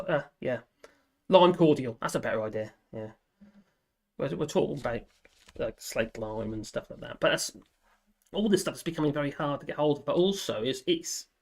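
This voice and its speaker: A man rambles through a relaxed live-stream chat, his voice pitched a little high. He laughs often, drifts from topic to topic and lets his sentences trail off as he reads viewer comments. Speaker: livestream host.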